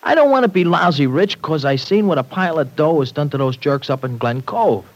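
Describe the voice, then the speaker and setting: A streetwise young working-class tough, talking slangy New with dropped grammar. His fairly high voice swings all over the place in classic 1940s radio-drama style. The sound is an old radio broadcast recording. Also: animated, fairly quick, poor audio.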